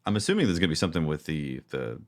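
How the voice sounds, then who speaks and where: A man's voice: a bass voice, big pitch swings, very fast. A man co-hosting a casual podcast chat in a joking, playful way. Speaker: podcast co-host.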